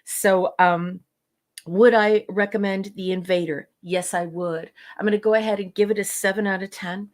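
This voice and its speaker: Female co-host, casual review chat, enthusiastic and rambling, average pitch. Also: steady tone, moderate pace. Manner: gushing, rambling with many fillers.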